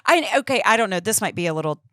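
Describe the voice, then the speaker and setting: A woman's voice: mid-range voice, lively intonation, fast talker, fairly bright tone, dry recording, clean studio sound. A woman in her thirties co-hosting a podcast, chatting casually and animatedly with many fillers. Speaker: podcast co-host. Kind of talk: casual faith chat.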